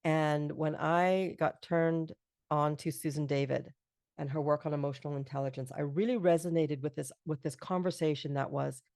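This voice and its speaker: A woman's voice: low voice, steady tone, normal speed, a little mellow, dry recording, studio quality. A middle-aged woman hosting an interview podcast, talking earnestly and affirmingly in long reflective runs. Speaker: podcast host. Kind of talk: casual interview chat.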